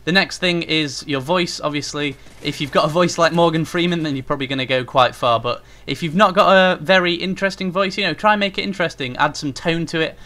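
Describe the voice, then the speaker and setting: Talking fast to his viewers, a young YouTuber rambles through casual advice on gaming commentary with frequent fillers. His voice is fairly high, bright, and forceful.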